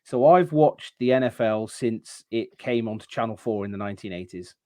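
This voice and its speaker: A man guest on a podcast, telling stories in casual chat and pausing with many ums. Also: fairly low pitch, warm tone. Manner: rambling storyteller, halting with many ums.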